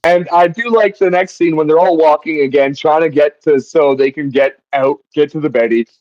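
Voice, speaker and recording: Guy rambling about a movie on a headset mic, kinda high voice, swears a lot, dry sound. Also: normal speed, no echo, lo-fi sound. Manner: rambling, swears often, quotes lines in animated voices. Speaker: podcast host. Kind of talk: casual chat reviewing a film. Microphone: headset mic on headphones.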